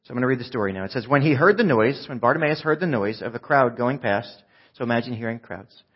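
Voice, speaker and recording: A man preaching in a casual, chatty way, pulling his listeners into the story. He swings between loud, raised passages and quiet, near-hushed moments, all at an ordinary middle pitch. The recording sounds a little dull and lo-fi. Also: expressive, quick pace, slightly rough. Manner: conversational, shifts between loud shouting and hushed speech. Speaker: pastor. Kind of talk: sermon.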